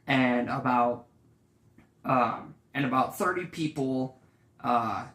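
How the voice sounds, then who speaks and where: A man slowly telling a comic story, stopping often on fillers. His voice rings in an echoey room. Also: mid-range voice, a bit bright. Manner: hesitant, many fillers.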